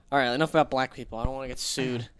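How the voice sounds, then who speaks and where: A man's voice: medium pitch, fairly even intonation, fast, clear, resonant tone. A young man hosting a podcast in casual chat, easygoing and steering the talk along. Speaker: podcast host.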